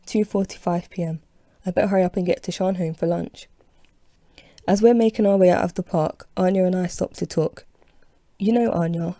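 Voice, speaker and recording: A woman's voice: on the low side, warm tone, no echo, clean studio sound. A woman reading her own novel aloud as an audiobook, telling it in the first person with expression. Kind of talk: audiobook narration.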